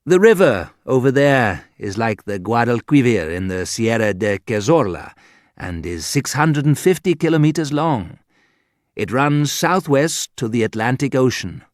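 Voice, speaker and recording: A man's voice: mid-range voice, sing-song, a little slow, dry recording, clean studio sound. A man voicing a pedantic European traveler who reels off dates and distances in a show-off way, in an audiobook. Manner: reciting facts in a show-off way. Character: pedantic male European traveler showing off facts.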